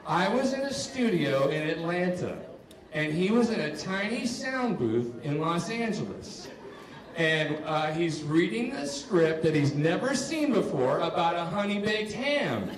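Guy doing stand-up on a stage, kinda high voice, far from the mic in a roomy space, crowd laughing behind. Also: big pitch swings, measured pace. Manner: self-mocking, acts out both sides of exchanges with rising exasperation. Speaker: stand-up comedian. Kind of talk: stand-up comedy set. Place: comedy stage before a live audience. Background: audience laughter.

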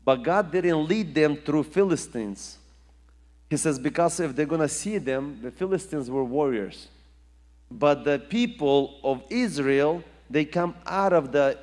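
Man preaching, emphatic and repetitive, fairly high voice, long hall echo. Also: darkish tone. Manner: emphatic, rising and falling delivery with repetition. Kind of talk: sermon.

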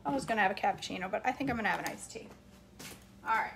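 A woman's voice: medium pitch, racing, gravelly, a bit bright, slight background noise. A woman hosting a casual live cooking chat in her home kitchen, laughing often and reading viewer comments aloud. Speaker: cooking vlog host.

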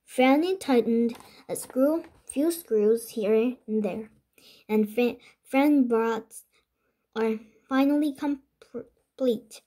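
Korean-speaking woman reading a kids' book, slow and stumbling, mellow dark tone. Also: a little high. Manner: halting, with restarts and slips. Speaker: reader. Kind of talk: children's book read aloud.

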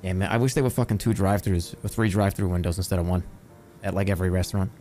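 A man's voice: low voice, steady tone, rapid-fire, warm tone, faint music behind, voice pushed down, lightly acted. A man voicing a crude, constantly cursing Boston guy who smokes outside a drugstore, with a Boston accent. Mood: grumbling. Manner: gruff, cursing constantly, calls people kid.

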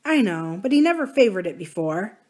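A woman's voice: mid-range voice, very animated, a little fast, a little mellow. A woman reading aloud as a group of grown siblings, speaking in an outraged, anxious way.

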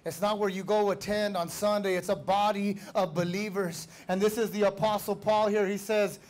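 High-voiced fervent male pastor preaching. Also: flat delivery, normal speed. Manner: fervent, conversational preaching with rising shouts. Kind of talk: sermon.

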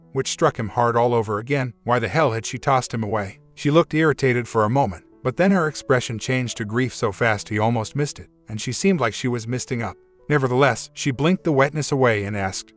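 Male story narrator, mid-pitched, steady reading, light music underneath. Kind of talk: scripted narration. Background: faint music.

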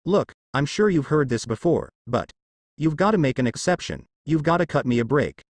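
A man's voice: on the high side, sing-song, normal speed, no room sound. A man voicing a defiant, wisecracking young male hunter with a demanding, wry way of talking.

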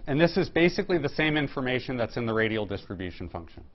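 Guy teaching a physics class, middle pitch, lots of uh and um, muffled lo-fi recording. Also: very animated, quick pace, a little hiss or hum. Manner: explains step by step, many fillers and restarts. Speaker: physics lecturer. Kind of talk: technical lecture at a whiteboard. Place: lecture room.

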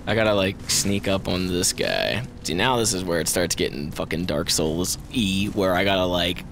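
Excitable, bright-voiced man gaming. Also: fairly low pitch, moderate pace, faint music behind. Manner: excitable, profane, swings from mutters to shouts; talks to the game and its enemies. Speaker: gamer. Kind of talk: let's play commentary.

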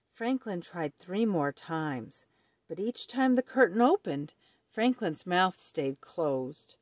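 Slow, expressive woman storyteller. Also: fairly low pitch, no echo, studio quality. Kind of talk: children's read-aloud.

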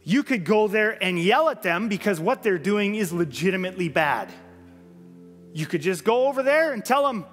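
A male pastor with a high, light voice preaches an earnest sermon, driving his points home through repetition. His words ring out with a long reverb through a church sanctuary. Faint music sits underneath. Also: big pitch swings, moderate pace, fairly bright tone. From Canada. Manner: earnest, emphatic, repeats phrases for effect.

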